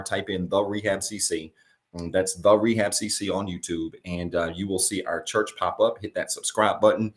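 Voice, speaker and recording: A man, a pastor speaking to a livestream church audience in a folksy, conversational way with many fillers, then leading a slow, emphatic call-and-response reading. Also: deep voice. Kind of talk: livestream church service address.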